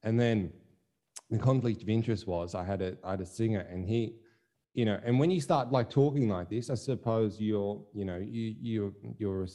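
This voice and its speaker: Young dude on a podcast, low mellow voice, says "like" a lot, swears a bit. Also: male voice, moderate pace. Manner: candid, thinks aloud, sprinkles "like" and mild swearing. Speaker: podcast co-host, musician. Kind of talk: casual chat.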